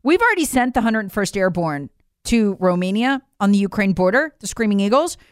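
Emphatic woman with a lively voice. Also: mid-range voice, brisk, smooth, dry recording, clean studio sound. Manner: emphatic, incredulous, addresses viewers directly. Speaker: political commentator. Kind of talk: opinion monologue.

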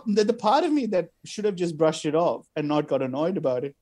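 A man's voice: fairly high pitch, brisk. A man, a comedian chatting casually and telling anecdotes with lots of quoted voices. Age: 30s. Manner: animated storytelling with quoted voices. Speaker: podcast co-host, comedian. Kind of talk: casual chat.

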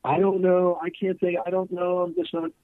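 A man voicing an anxious mother who doubts her purpose, speaking in a high, pleading, self-doubting way. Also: big pitch swings, moderate pace. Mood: fretful. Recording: tinny phone line.

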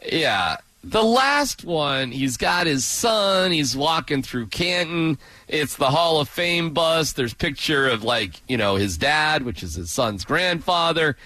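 A man co-hosting a sports radio show, talking in a sarcastic, rambling, animated way. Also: fairly high pitch, takes it slowly, few pauses, dry recording. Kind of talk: casual sports radio banter.

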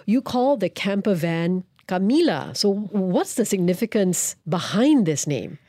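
A woman's voice: medium pitch, very animated, a little slow, warm tone, no echo, studio quality. A woman hosting an interview, asking curious, short follow-up questions. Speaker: podcast host. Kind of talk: conversational interview.

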